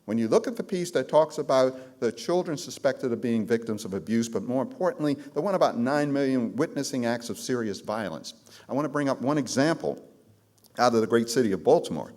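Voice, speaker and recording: A man's voice: mid-range voice, darkish tone. A man giving a presentation on trauma to a live audience of care providers, telling stories with emphasis and calling out to the crowd. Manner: emphatic storytelling, calls out to the audience. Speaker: trauma trainer.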